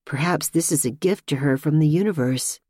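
A woman reading a suspense novel aloud in a tense, measured narration. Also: low voice, a little mellow, husky, no room sound, clean studio sound. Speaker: audiobook narrator. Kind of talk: scripted narration.

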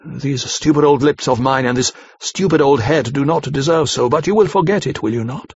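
A man's voice: mid-range voice, moderate pace, a little mellow, breathy edge, no room sound. Man doing a solemn old professor. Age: older. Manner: solemn, emphatic, old-fashioned speech. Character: elderly learned professor, earnest and tender. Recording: slightly muffled dry recording.

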